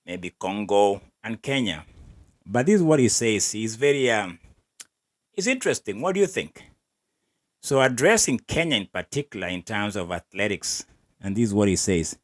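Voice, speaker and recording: A man hosting an athletics podcast, giving wry, opinionated commentary and laughing between remarks. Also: on the low side. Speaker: podcast host.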